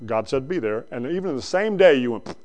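A male preacher giving a conversational sermon that swings between loud bursts and quiet asides. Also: mid-range voice, lively intonation, fairly quick.

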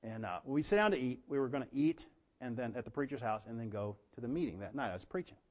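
A man preaching a sermon, telling folksy stories and swinging from quiet asides to loud, emphatic bursts. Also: medium pitch, animated, fast talker.

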